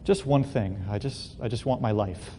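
A man's voice: moderate pace, dark tone, lightly acted. A man voicing a brave young queen who speaks earnestly in a plain voice. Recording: long hall reverb, faint rumble.

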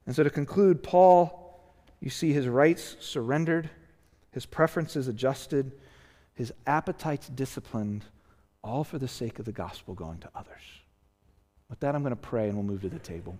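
A man's voice: mid-range voice, measured pace, darkish tone. A male pastor preaching a sermon, earnest and emphatic, tired and often asking "right?". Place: church sanctuary. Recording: long reverb of a church hall.

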